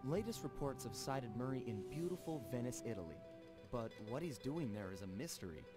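A suave raccoon thief, voiced by a man, tells the story in a smooth, measured narration. His pitch sits in the middle, neither deep nor high. Game music plays behind him. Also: lively intonation, natural voice. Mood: calm. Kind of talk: scripted narration.

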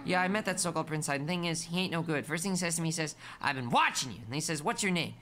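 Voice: medium pitch, lively intonation, racing, crowd noise, lightly acted. Doom, a cocky fish-folk peddler, read aloud by a streamer. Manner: cocky, gossipy. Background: game music.

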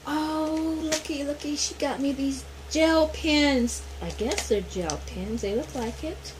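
Slow, high-voiced gushing woman vlogger. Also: background noise. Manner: gushing, excited, repeats herself. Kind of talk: casual haul video.

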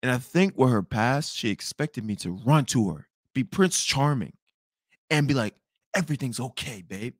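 A young man hosting a podcast, telling a storytime tale in a loud, profane way that swings between outbursts and mutters. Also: mid-range voice, lively intonation, moderate pace, no room sound, studio quality. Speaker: podcast host. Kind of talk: storytime monologue.

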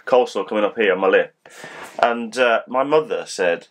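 A man's voice: fairly low pitch, moderate pace, a little hiss or hum. A middle-aged man in casual chat as co-host, rambling and teasing, with a slight cold.

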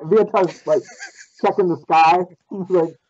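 A man playing a tabletop game, talking excitedly and laughing between words as he describes his character. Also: high-pitched, slow, lo-fi sound, a little hiss or hum. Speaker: player.

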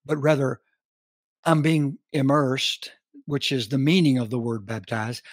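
Slow, deliberate male Bible teacher. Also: medium pitch, fairly even intonation, no room sound, clean studio sound. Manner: slow, deliberate, emphatic scripture reading. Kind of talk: podcast Bible study.

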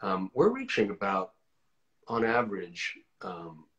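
A man's voice: on the low side, huge pitch swings, measured pace, fairly bright tone, muffled recording. Encouraging male live-stream host. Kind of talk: casual live-stream chat.

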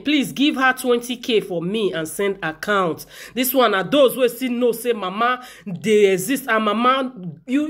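Animated Nigerian woman gossip presenter. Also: a little high. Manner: animated, preachy asides, exclamations; reads posts slowly. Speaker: celebrity news presenter. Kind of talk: gossip news commentary in Pidgin.

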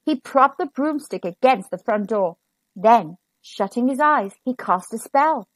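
Woman storyteller, children's read-aloud, animated, high lively voice. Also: a little slow, no echo. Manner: expressive, animated.

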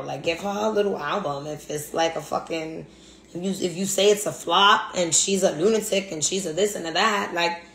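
A woman venting in a blunt, profane monologue, repeating herself for emphasis. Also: lowish voice. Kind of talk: angry monologue rant. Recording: echoey room, faint background hum.

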